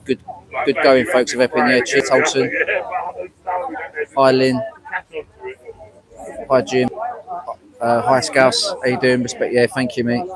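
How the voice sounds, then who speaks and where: A man's voice: mid-range voice, completely flat delivery, a little slow, long pauses, poor audio. Chatty English man livestreaming outdoors. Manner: chatty, greets viewers by name. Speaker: livestream host. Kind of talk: casual livestream chat. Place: outdoors at a street protest. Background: crowd.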